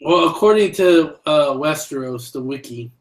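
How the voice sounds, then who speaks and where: A man's voice: a little high, lively intonation, moderate pace. Man hosting in an echoey room. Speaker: podcast host. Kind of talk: casual podcast discussion.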